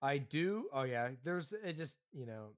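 Man, podcast co-host, jokey, laughs a lot, lively swinging pitch, dry close sound. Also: measured pace, dry recording. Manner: jokey, laughs often, does silly voices. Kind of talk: casual comedy chat.

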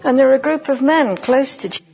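A woman giving a sermon at a conference, leading listeners through a vivid imagined story in a slow, deliberate second-person voice. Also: high-pitched, a little mellow, faint music behind, rough recording. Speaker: conference speaker.

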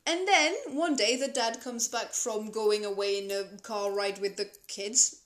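A woman's voice: medium pitch, unhurried, hardly any pauses, a bit bright. A woman co-hosting a podcast, telling a story in casual chat, giggly, with the hiccups. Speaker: podcast co-host.

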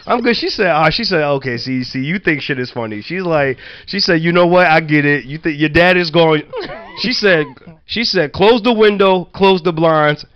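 A man from Virginia telling childhood stories in casual chat, loose and profane, full of "like" and quick laughs. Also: a little high, lively intonation, muffled recording. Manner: loose, profane, laughing anecdotes with many "like" fillers. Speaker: storyteller.

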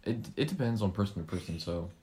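Deep-voiced young man rambling casually. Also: animated, fast talker, warm tone. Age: young adult. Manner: rambling, many restarts and fillers. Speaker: podcast co-host. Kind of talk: casual chat.

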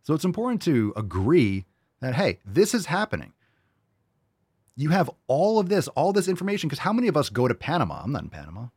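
Male podcast host: swears freely, rants with emphasis, lively pitch, dry close sound. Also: fast talker, breathy edge, no room sound. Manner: profane, emphatic, ranting. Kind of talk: casual opinion rant.

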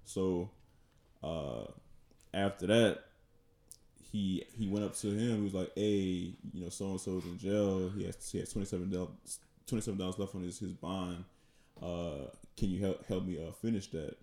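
A man with a low, gravelly voice tells a story casually, stumbling and repeating words as he goes. The room around him sounds echoey. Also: fairly even intonation, warm tone. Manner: halting, repeats words, laughs between lines. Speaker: podcast co-host.

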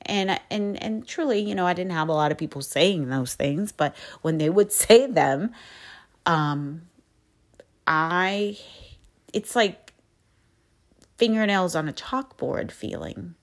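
A woman with a lowish voice speaks slowly and unhurriedly, sharing personal reflections as a podcast host. She talks softly and candidly, pausing and circling back as she searches for the right words. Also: expressive. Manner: soft-spoken, candid, searching for words with many pauses.

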